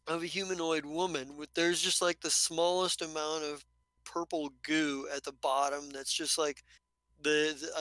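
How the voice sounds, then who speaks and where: A man narrating as game master of a tabletop game, halting and rambling with many fillers. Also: on the high side, pushed and bright, no room sound, low-quality recording.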